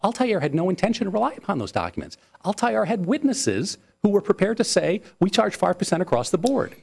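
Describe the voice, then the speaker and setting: A man's voice: sits high, very animated, brisk, creaky, darkish tone, breathy edge. A man arguing as an attorney before appellate judges, earnest and insistent, often repeating words as he presses his point. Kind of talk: courtroom oral argument.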